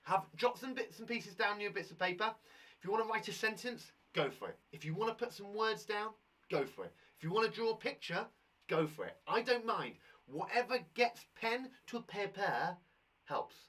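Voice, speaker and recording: A British man teaching young children live over the internet, his voice a little husky and pitched fairly high. He talks to the kids at home with lots of rise and fall, and he reads the story aloud slowly. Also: recorded from a distance. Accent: British English. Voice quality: husky, animated. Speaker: primary school teacher. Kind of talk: live online lesson for children.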